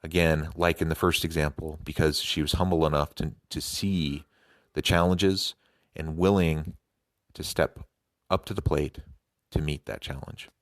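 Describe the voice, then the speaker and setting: Male host, very deep, dry close mic, thoughtful and a little halting. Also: steady tone, no room sound. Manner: reflective, with frequent restarts. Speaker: podcast host. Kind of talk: podcast commentary.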